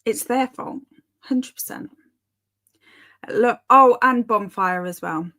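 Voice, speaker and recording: Slow, giggly woman reading live chat. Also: a little high, a bit bright. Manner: giggly, chatty, reads chat aloud. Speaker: booktube streamer hosting reading sprints. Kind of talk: casual live-stream chat reading comments.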